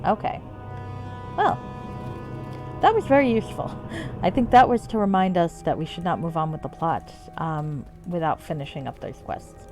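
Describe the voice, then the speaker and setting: A woman with a low voice and big pitch swings talks at normal speed while streaming a game. Her let's-play commentary is casual and full of free swearing, with game music playing behind her.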